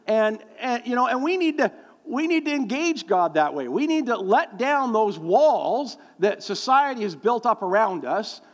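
Preaching at a moderate pace, a middle-aged man with a very high-pitched voice and lively intonation delivers a sermon. He spins folksy tales laced with fillers, voicing the people he quotes, and a long reverb from the hall trails behind him.

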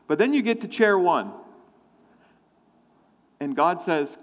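A man's voice: high-pitched, animated, measured pace, long pauses, fairly bright tone, big-room sound. A man preaching a sermon, telling a personal story and acting out his own thoughts and prayers. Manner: storytelling, acts out his own inner voices.

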